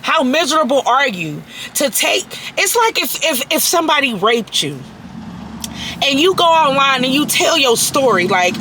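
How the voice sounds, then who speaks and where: A woman's voice: high-pitched, very animated, moderate pace, sharp tone, slight background noise, low-quality recording. A woman vlogger ranting angrily to camera, profane and emphatic, repeating herself for force. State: very angry. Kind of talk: angry personal rant to camera.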